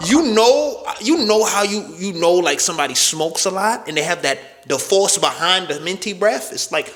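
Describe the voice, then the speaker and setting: A man telling a profane, animated story in a casual storytime monologue, punctuating it with "right?" and "boom.". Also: normal speed. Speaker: storyteller vlogger. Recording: echoey room with long reverb.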